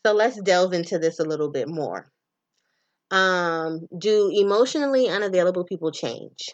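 Profane, animated woman talking to listeners. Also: fairly low pitch, normal speed, highs cut off. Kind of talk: casual monologue on relationships.

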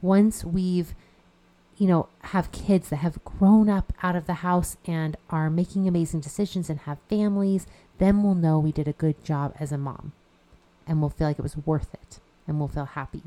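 A woman's voice: lowish voice, fairly even intonation, moderate pace, dark tone. A woman hosting a podcast as a life coach, talking casually with a stuffy nose, chatty and encouraging. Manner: chatty and encouraging, with frequent "you know" fillers.

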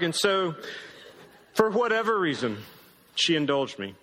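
A man's voice: high-pitched, sing-song, unhurried, long pauses, sharp tone, long reverb tail. A man in his thirties preaching a sermon in a casual, joking storytelling way. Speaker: pastor.

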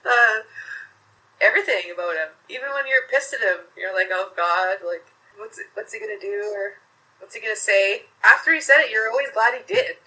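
A woman's voice: medium pitch, moderate pace, pushed and bright, low-quality recording. A young woman, a guest in an interview, talking casually about someone she remembers, with frequent laughs and many filler words.

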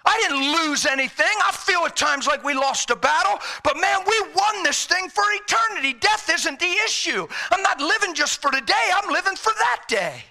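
A man preaching a sermon with passion, swinging between shouts and hushed, quiet lines. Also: very high voice, expressive, normal speed, creaky, few pauses.

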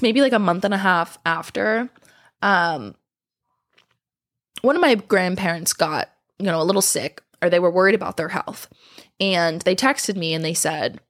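A woman in her twenties talking straight to camera in a casual vlog, blunt and profane, going from hesitant to heated. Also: mid-range voice. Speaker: vlogger. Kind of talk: casual vlog talk reacting to comments.

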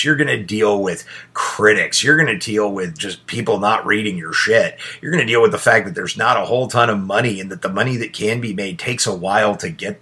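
A man in his forties hosts a podcast in a blunt, loose way, swearing freely. His voice sits on the low side, with a bright, forceful edge and a slightly husky grain. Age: 40s. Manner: blunt, profane, conversational. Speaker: podcast host. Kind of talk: casual monologue.

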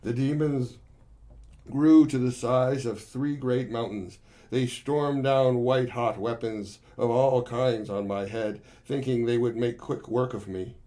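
A man's voice: medium pitch, steady tone, a little slow, dark tone, natural voice. A gleeful, boastful monkey warrior, voiced by a man, spinning a tale of his own battle. He talks to his listeners as friends and plainly enjoys his own bragging.

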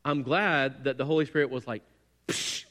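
A male pastor preaching a sermon in an animated, self-deprecating way, often acting out stories. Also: medium pitch, brisk, big-room sound.

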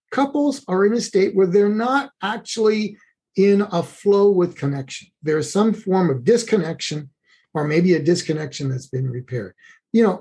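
A man's voice: high voice, dark tone, breathy edge. A man speaking as a relationship expert, explaining in an earnest, conversational way with frequent restarts.

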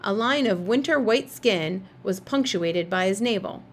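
A woman narrating a children's novel in a steady, expressive reading voice. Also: mid-range voice, measured pace, few pauses, slight background noise. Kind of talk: storybook read-aloud.

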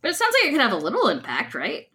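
A woman co-hosting a comedy podcast, playful and quick to react, riffing on jokes in casual chat. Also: high-pitched, wildly swooping pitch, crowd noise. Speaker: podcast co-host.

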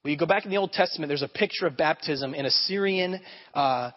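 Talking fast in a voice on the high side, a pastor delivers his sermon like a conversation, often pausing to ask his audience "okay?". The sanctuary audio is muffled, with a lengthy hall echo.

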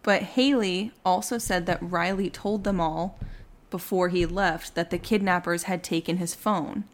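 A young woman hosts a true crime podcast in a chatty, casual way. Her voice sits a little low, and she slips into livelier, higher tones when she acts out what people said. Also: unhurried. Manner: animated, acts out quotes with rising pitch. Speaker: podcast host.

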